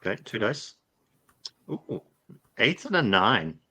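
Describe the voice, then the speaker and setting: A man with a bright, somewhat low voice plays a tabletop game. He talks through his moves and dice rolls one step at a time. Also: big pitch swings, slow pace. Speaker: player.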